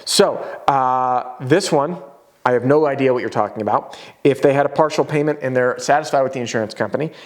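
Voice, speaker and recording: An energetic man runs a casual sales lesson at a whiteboard. His voice sits in a middle pitch, and he talks in a chatty, conversational way with quick asides. Now and then he jumps into a homeowner's voice to act out a scene. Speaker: roofing sales trainer.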